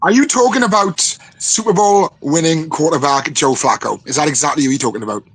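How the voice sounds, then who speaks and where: A Welsh man with a voice sitting a little high chats casually on a podcast. He teases his co-hosts and keeps the banter going over a video call. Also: brisk, a bit bright, slightly rough. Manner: joking, teasing banter. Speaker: podcast co-host. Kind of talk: casual chat.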